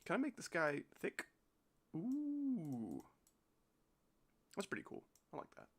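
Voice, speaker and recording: A man's voice: fairly high pitch, sing-song, quick pace, vocal fry, fairly bright tone. A young man hosting a live stream, chatting casually and joking with chat and a friend while playing. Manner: joking, giggly, reads out chat.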